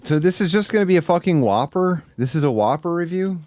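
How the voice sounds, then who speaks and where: A man's voice: on the high side, brisk. A man hosting a live stream, chatting casually and joking while reacting to videos. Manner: laughing, joking, lively. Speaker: stream host.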